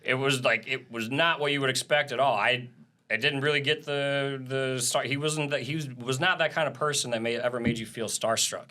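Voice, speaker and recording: Bright-voiced man telling road stories. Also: mid-range voice, brisk. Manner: animated storytelling with frequent swearing and laughs. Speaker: live audio engineer and drummer. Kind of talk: casual podcast interview.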